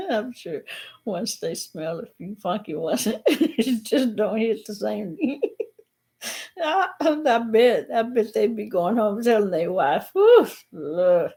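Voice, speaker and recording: Woman, live stream host, high voice, keeps breaking into laughter. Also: expressive, slow pace, warm tone, slightly rough. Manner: laughing helplessly, speaking in fits between laughs. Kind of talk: casual live chat with viewers.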